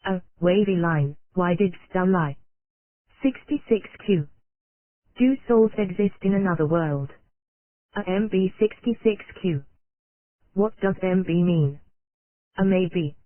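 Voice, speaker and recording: An audiobook narrator giving a scripted reading of an old psychology text in an even, steady way that reads symbols aloud. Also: mid-range voice, slow pace, long pauses, dry recording. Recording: tinny, phone-like dry recording.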